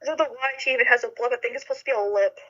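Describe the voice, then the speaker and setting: High bright giggly woman on a muffled call. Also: steady tone, rapid-fire. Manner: giggly and offhand. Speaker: guest voice actor. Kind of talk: casual chat on a call.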